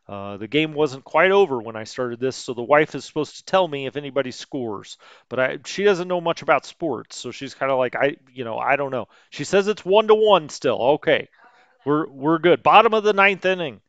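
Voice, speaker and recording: A man's voice: on the high side, expressive, moderate pace, smooth, no room sound, muffled recording. A man casually commentating a strategy game stream, chatting with viewers and cracking light jokes. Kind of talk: casual let's play commentary.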